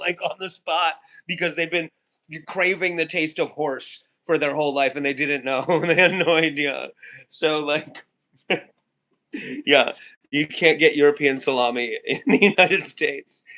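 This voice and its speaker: A man's voice: a little high, a bit bright. A man in his fifties chatting casually on a live stream, laughing often and answering chat comments. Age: 50s. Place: home, near a trailer.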